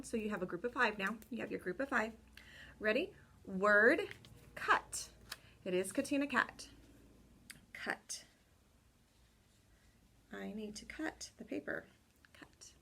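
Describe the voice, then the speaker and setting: A young woman teaching kindergarten children remotely, talking slowly and clearly, repeating words and cheering them on. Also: a little high, sharp tone. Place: home room with a window.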